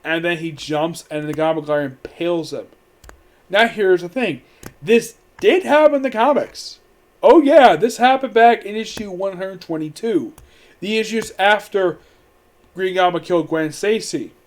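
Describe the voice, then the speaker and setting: A man with a notably high-pitched voice talks his way through a movie review in a loose, casual way. He rambles, restarts his sentences and fills them with "like", and sounds amused by what he describes. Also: normal speed.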